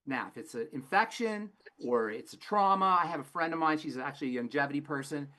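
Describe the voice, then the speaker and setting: A man's voice: on the high side, animated, brisk, bright, forceful tone. A man, a pharmacist guest on a call-in health program, speaking emphatically and preachily with frequent restarts.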